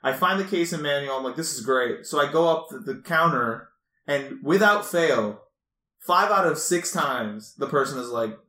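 Animated man telling a story, echoey room. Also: fairly high pitch, moderate pace. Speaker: podcast co-host. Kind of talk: casual chat.

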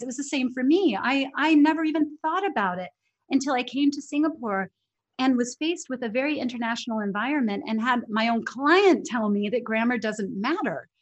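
Animated woman interview guest. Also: mid-range voice. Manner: animated, emphatic, with frequent restarts. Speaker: interview guest, English teacher trainer. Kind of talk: conversational interview.

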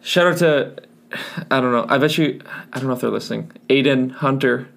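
A man's voice: medium pitch, a little fast, vocal fry, a bit bright. A young man co-hosting a podcast, joking and telling school stories in a laid-back way. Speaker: podcast co-host. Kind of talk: casual chat.

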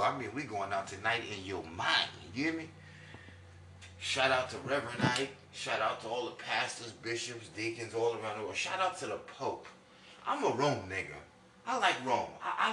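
Loud rambling man, echoey room. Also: distant mic, background noise. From New York. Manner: loud, preachy, swings high and low. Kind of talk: rambling comic monologue.

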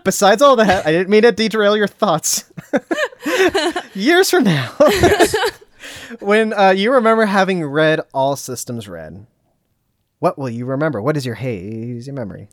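A man's voice: high-pitched, big pitch swings, unhurried, long pauses, no room sound, studio quality. A man co-hosting a casual book podcast, rambling with many fillers and restarts. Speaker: podcast co-host. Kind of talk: casual chat.

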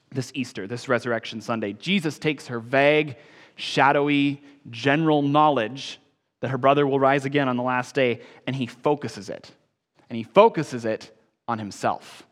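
A man preaching a sermon as pastor, emphatic, rising on key phrases and then dropping soft. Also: medium pitch, in a large hall.

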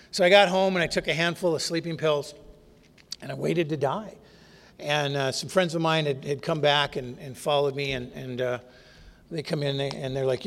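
A man's voice: a little high, fairly quick. A man telling his recovery story in a wry, candid, self-mocking way. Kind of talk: humorous personal storytelling talk. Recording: long reverb of a hall.

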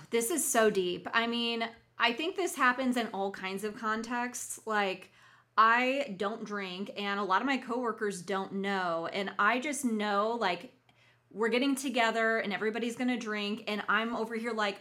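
A young woman with a bright, fairly high voice co-hosts a podcast. She speaks candidly and reflectively, with a playful, blunt edge. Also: measured pace. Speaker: podcast co-host. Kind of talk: casual conversational podcast chat.

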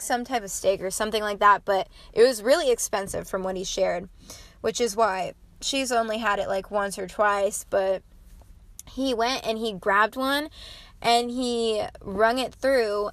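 A woman's voice: on the high side, fairly bright tone, no echo. A young woman telling a story in a casual devotional talk, rambling with many fillers. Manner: rambling, many likes and ums.

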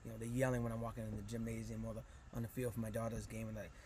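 A man being interviewed as a community vlogger, telling animated, rambling stories full of fillers and restarts. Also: lowish voice, rapid-fire. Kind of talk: casual interview storytelling.

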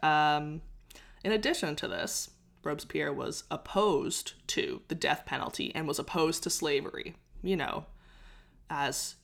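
A woman's voice: sits low, unhurried, gravelly. A young woman in casual conversation, telling a history story with frequent laughs and restarts. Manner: chatty, laughs often, trails off and restarts. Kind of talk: casual chat.

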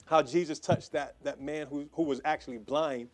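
A man preaching, praying fervently over his listeners and appealing for an offering, with many repeats and quick restarts. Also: fairly high pitch, steady tone, faint music behind. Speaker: pastor.

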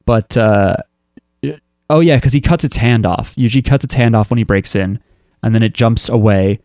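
Here a man with a fairly low, slightly mellow voice talks at a normal speed, casually recapping an anime episode for a podcast. His wry, loose storytelling rambles, heavy on fillers and restarts. The recording is dry and studio quality.

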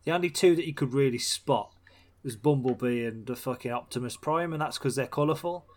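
A man's voice: mid-range voice, a little fast, darkish tone. Sweary young man ranting. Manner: sweary, blunt, ranting with laughs. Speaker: podcast co-host. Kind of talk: casual chat.

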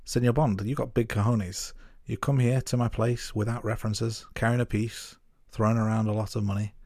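A man playing a menacing middle-aged male drug lord villain, delivered slowly. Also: fairly low pitch, level tone, dark tone, no echo, studio quality.

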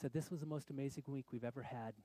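A middle-aged man preaching a sermon as a pastor, telling a story in an animated way that swings between loud exclamations and quiet confession. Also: medium pitch, quick pace, breathy edge, no room sound.

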